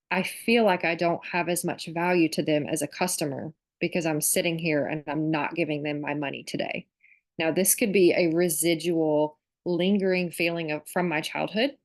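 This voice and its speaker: Woman host, slightly low voice, relaxed chatty workshop talk over a computer mic. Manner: casual and reflective, with frequent "like" and "um". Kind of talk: conversational online workshop talk.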